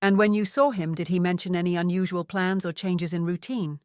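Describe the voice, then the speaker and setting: A woman voicing a calm, methodical male private investigator who asks polite questions. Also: on the low side, a little fast, dry recording, clean studio sound, lightly acted.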